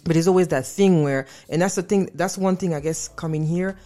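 A woman's voice: fairly low pitch, brisk, warm tone, soft background music. A woman from France, a native French speaker with a French accent, reflecting earnestly in casual chat.

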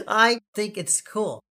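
A man's voice: high-pitched, pushed and bright. A man with a Long Island New York accent hosting a casual podcast, rambling and jokey. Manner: rambling, jokey, laughs often. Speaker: podcast host.

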